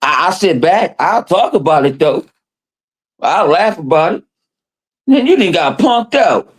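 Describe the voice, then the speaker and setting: An unhurried man with a high, husky voice hosts a podcast. His storytelling is casual and animated, loaded with swearing and imitated voices.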